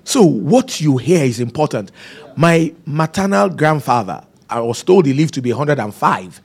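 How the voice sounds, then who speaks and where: Male preacher, rough husky voice, emphatic storyteller. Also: a little high, very animated, moderate pace. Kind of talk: sermon.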